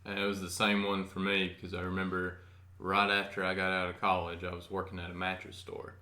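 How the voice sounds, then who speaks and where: A man's voice: low voice, monotone, fairly quick, bright, forceful tone, roomy sound. A young man in his twenties co-hosting a casual podcast, telling stories with dry joking asides. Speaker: podcast co-host. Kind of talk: casual chat.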